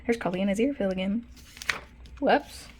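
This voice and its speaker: A young woman giving a casual sketchbook tour, rambling with lots of fillers and self-corrections, breaking into excited bursts over favorite drawings. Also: medium pitch, normal speed, background noise. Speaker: art vlogger.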